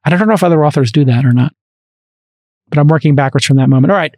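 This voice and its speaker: Fast-talking, animated male podcast host. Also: fairly high pitch, no room sound. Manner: animated storyteller, quick asides and restarts. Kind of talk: casual podcast conversation. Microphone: studio microphone.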